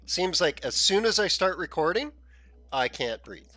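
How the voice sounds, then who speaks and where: Bright, slow-talking man narrating gameplay. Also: high voice, very animated. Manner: chatty, thinking aloud, frequent throat clearing. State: frog in his throat. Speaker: gaming channel host. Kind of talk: casual gameplay commentary.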